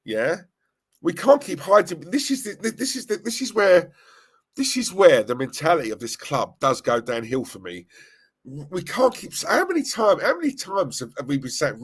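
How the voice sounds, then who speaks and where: A young man hosting a live stream, chatting casually, reading viewer comments and reacting with animated, rambling restarts. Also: normal speed, breathy edge. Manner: animated, rambling, restarts and laughs, pitch jumping when worked up. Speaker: fan channel live-stream host.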